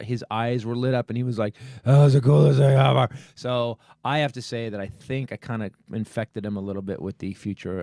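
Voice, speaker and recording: A middle-aged man hosting a comedy podcast, telling stories in a lively way and acting out other people's lines. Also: medium pitch, no room sound, studio quality. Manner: animated, acts out other people's voices, swears casually. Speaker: podcast host. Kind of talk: comedic storytelling chat. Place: podcast studio.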